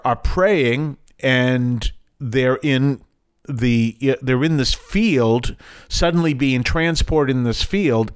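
An older man hosts a Catholic program and talks through scripture earnestly. He explains as he goes and keeps stepping aside to add remarks. His voice sits at an ordinary middle pitch. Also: clear, resonant tone. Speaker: radio program host.

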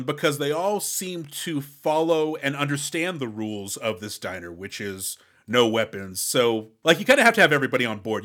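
A man's voice: mid-range voice, sharp tone. A man co-hosting a movie review podcast, talking through scenes with enthusiasm. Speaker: podcast co-host. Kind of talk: casual movie review chat.

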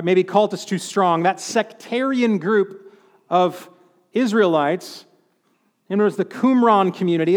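A man's voice: high voice, big-room sound. A man preaching a sermon in a conversational, humorous way, acting out quotes as he goes. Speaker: pastor.

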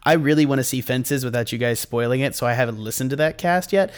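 A man's voice: medium pitch, quick pace, smooth. A young man hosting a podcast, chatting casually, ranting and swearing with plenty of laughter. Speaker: podcast host.

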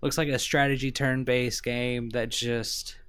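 A man's voice: medium pitch, level tone, a little slow, a bit bright, smooth, no room sound, studio quality. A man co-hosting a video game podcast, easygoing and joking in casual chat. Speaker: podcast co-host.

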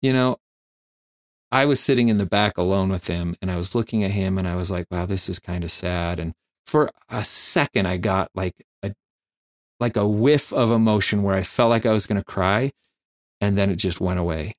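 A firefighter and flight nurse tells candid stories in an interview, reflective and halting with many fillers. His pitch is fairly low, and the studio-quality recording is dry.

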